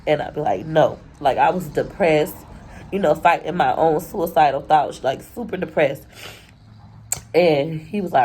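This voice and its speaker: A young woman talks to her camera in an emotional personal vlog. She is crying and rambles candidly, her voice a touch low. Faint background noise sits under her voice. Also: measured pace, a little mellow, low-quality recording. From Florida. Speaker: YouTuber.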